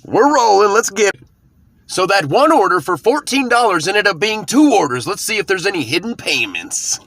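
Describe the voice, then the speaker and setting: A man with a fairly high voice that swings widely, narrating his delivery shifts as a casual vlog. He talks in a hyped, jokey, storytelling way. Steady road noise from the car comes through clearly behind him. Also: normal speed. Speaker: delivery driver vlogger. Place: inside a car.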